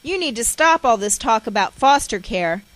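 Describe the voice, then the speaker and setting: A woman voicing a stern father who shouts orders at his wife, raised and forceful. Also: fairly low pitch, slow pace, no echo, rough recording. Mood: angry. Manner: stern, commanding.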